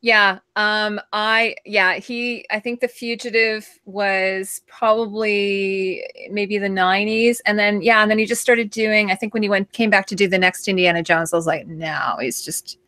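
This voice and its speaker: A woman's voice: medium pitch, steady tone, normal speed, few pauses, sharp tone, dry recording, studio quality. A middle-aged woman hosting a casual live-stream chat, laughing often and reading out viewer comments. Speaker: host.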